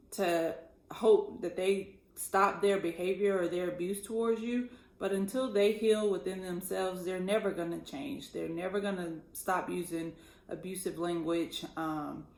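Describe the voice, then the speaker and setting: A woman's voice: lowish voice, a little mellow. A woman co-hosting a relationship podcast, talking earnestly and laughing easily as she speaks straight to listeners. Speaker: podcast co-host. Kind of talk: casual chat about relationships. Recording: echoey room.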